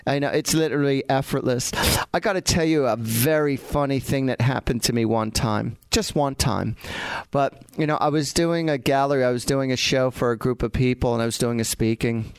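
A man's voice: mid-range voice, clean tone, dry recording. A man, a psychic medium, chattily telling funny stories and laughing often. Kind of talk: casual storytelling.

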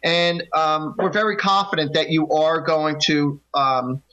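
Co-hosting a call-in psychic radio show, a man with a slightly high, unhurried voice encourages the caller and tells stories, quoting people animatedly. The recording has a dull lo-fi radio sound.

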